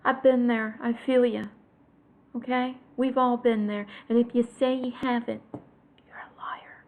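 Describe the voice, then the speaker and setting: A woman's voice: on the high side, level tone, a little slow, darkish tone. A woman, likely in her thirties, venting to viewers about her children in an exasperated, emphatic way, dropping to whispers for punchlines. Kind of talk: casual vlog rant.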